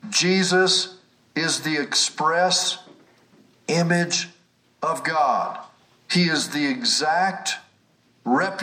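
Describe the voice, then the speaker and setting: Fervent male preacher, bright and emphatic. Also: fairly high pitch, recorded from a distance, rough recording. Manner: fervent, emphatic, repeats phrases for stress. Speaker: preacher teaching a healing class. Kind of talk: sermon. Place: away from his usual setting, near an airport.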